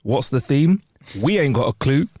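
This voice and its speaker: A man's voice: mid-range voice, expressive, normal speed, a little mellow, no room sound, clean studio sound. Teasing man on podcast. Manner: playful, teasing, swears freely. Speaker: podcast co-host. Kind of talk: casual chat.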